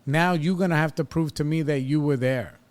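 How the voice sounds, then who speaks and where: A man's voice: a little high, fairly quick. A man in his thirties hosting a podcast, telling a personal story in a blunt, profane, casual way and reliving an argument with rising heat. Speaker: podcast host.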